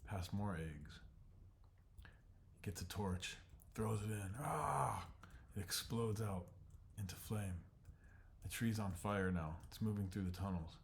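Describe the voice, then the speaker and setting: Deep-voiced man pitching a storyboard. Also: steady tone, unhurried, a little hiss or hum. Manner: terse present-tense shot-by-shot telling, voices dropped in. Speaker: storyboard artist.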